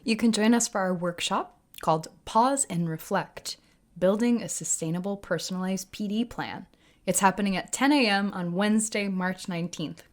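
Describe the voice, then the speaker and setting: A woman co-hosts a teaching podcast with eager, enthusiastic banter. She speaks at a mid pitch in easy, casual conversation. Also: moderate pace. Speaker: podcast co-host.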